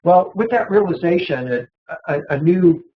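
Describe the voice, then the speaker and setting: Halting, earnest man lecturing, slightly high. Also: animated, narrow, tinny audio, slight background noise. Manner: earnest, halting with repeated words and fillers. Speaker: presenter of an ancient mysteries series. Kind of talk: lecture on ancient mysteries.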